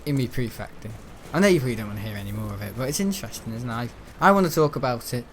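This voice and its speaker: A young man in his late teens rambles casually through stories, his voice sitting at an ordinary middle pitch. He talks in a loose, chatty way and slips into the voices of the people in his stories. A faint hum of noise runs under his speech. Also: lively intonation, rapid-fire. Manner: chatty, storytelling, mimics the people he talks about. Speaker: gaming channel host. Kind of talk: casual rambling chat over gameplay.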